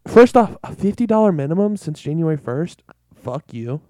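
Young male podcast co-host, profane ranter, slightly high voice, dry sound. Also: animated, normal speed, warm tone, no echo. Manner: profane, ranting, exasperated. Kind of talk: casual chat.

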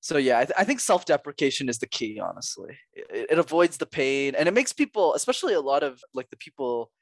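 A young man from Montreal talks as a podcast guest, his pitch a bit high and swinging widely as he chats. He laughs easily and acts out the voices of the people he quotes. The sound is dry and close. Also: big pitch swings, fairly quick, no echo. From Montreal, Canada. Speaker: guest, public speaking coach. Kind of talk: casual podcast interview.

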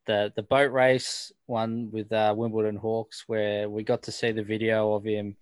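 A man's voice: fairly low pitch, flat delivery, unhurried, clean tone, no room sound. An Australian man co-hosting a podcast in casual chat, laid-back and hesitant. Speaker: podcast co-host.

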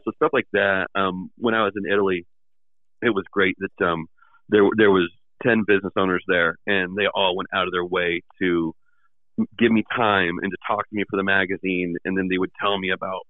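A lowish-voiced man tells stories at a fast clip, jumping up into the voices of the people he quotes. His voice comes through thin and tinny, like a phone line. The sound is dry, with no room around it. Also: no echo. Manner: animated storyteller, acting out quoted people. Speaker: magazine editor and podcast guest. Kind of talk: casual storytelling chat.

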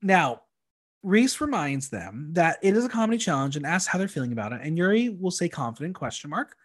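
A chatty young man with a fairly high voice hosts a casual podcast. He recaps episodes in a campy, playful way and drops in plenty of ums along the way. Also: sing-song, fairly quick. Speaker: podcast host recapping a reality show. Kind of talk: casual chat.

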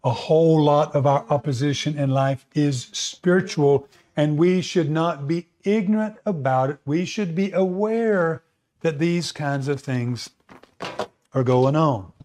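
Male preacher, slightly higher voice, chatty sermon delivery that checks in with the crowd. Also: unhurried, darkish tone. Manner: conversational, repeats words, asks audience questions.

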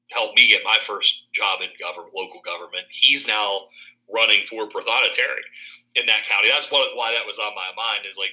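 A man's voice: lowish voice, bright, forceful tone, rough recording. A man in his thirties, a college faculty member and podcast guest, chatting casually with restarts and frequent laughter. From Pennsylvania. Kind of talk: casual conversation.

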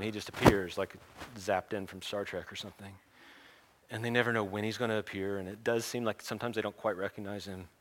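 A man's voice: on the low side, pushed and bright, a little hiss or hum. Casual, joking male preacher. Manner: casual, humorous asides. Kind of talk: sermon storytelling.

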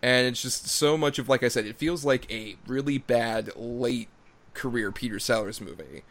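A man's voice: mid-range voice, normal speed, fairly bright tone. A man co-hosting a casual film review podcast, blunt and profane, laughing often as he talks. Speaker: podcast co-host.

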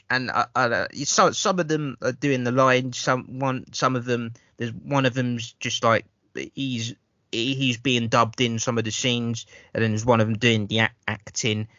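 A podcast host talks through a film in casual, swearing chat, rambling and stammering over restarts. His medium-pitched voice is bright and forceful, captured dry and close on dull, lo-fi audio with no room sound.

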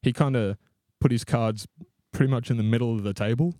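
A man's voice: mid-range voice, fairly quick, warm tone, no room sound, clean studio sound. A young man co-hosting a podcast, telling a long self-mocking story in a rambling way and laughing as he goes. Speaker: podcast co-host. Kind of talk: casual storytelling.

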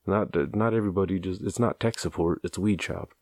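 A man's voice: low voice, a little fast, a little mellow, dry recording. A man casually telling a rambling, amused anecdote, loose and profane, often chuckling at his own tale. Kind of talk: casual storytelling.

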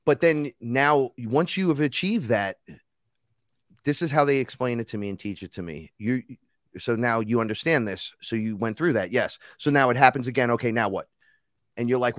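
A man's voice: mid-range voice, moderate pace, dry recording. Profane storytelling man, dry close sound. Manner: animated, profane, acts out other people's voices. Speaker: podcast guest, rapper and shaman. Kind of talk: casual storytelling conversation.

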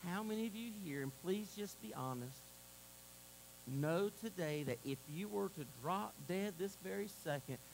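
A man preaching a sermon to a congregation, moving between loud exclamations and a hushed altar call. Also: sits high, animated, moderate pace, creaky, a little hiss or hum, poor audio. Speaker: pastor. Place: church sanctuary.

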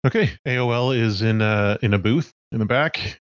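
A man's voice: mid-range voice, moderate pace, dry recording, highs cut off. A man narrating as game master in a casual way, with fillers and hesitations.

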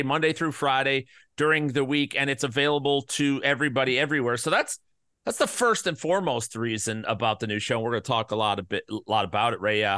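A man's voice: medium pitch, bright, forceful tone, dry recording, clean studio sound. A male podcast host talking in a rambling, joking way, full of crude asides and restarts, his voice a little worn from being sick. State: recovering from covid, voice slightly worn. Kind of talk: casual podcast chat.

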